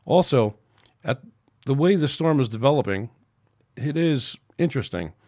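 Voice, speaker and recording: A man's voice: medium pitch, animated, normal speed, a little mellow, natural voice. A man voicing a logical, unemotional male Vulcan science officer, speaking in a precise, formal way.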